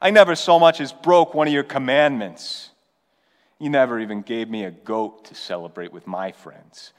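A preacher acting out a resentful, self-righteous elder brother who complains indignantly. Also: male voice, mid-range voice, normal speed, long reverb tail, lightly acted. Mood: seething.

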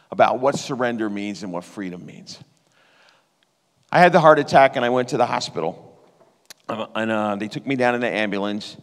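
A man preaching a sermon and sharing a personal testimony in an earnest, conversational way that turns emotional. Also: lowish voice. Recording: reverberant hall.

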